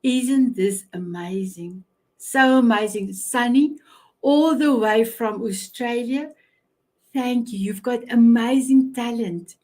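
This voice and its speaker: Her voice sits on the high side and sounds a little mellow. She is a middle-aged South African host presenting a live online show over a video call, effusive and prone to repeating herself and restarting.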